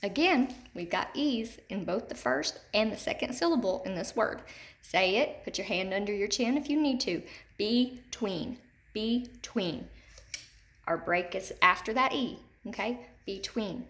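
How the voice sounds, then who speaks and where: Woman teacher, talks to young pupils, slow and clear, says each word more than once. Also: mid-range voice, animated, fairly bright tone. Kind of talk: recorded phonics lesson for children.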